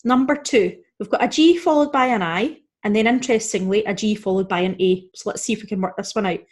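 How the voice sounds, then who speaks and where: A woman teaching a beginner Spanish lesson, explaining step by step, saying Spanish example words slowly and clearly, and often checking in with "okay?" and "right?". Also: mid-range voice. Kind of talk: recorded beginner language lesson.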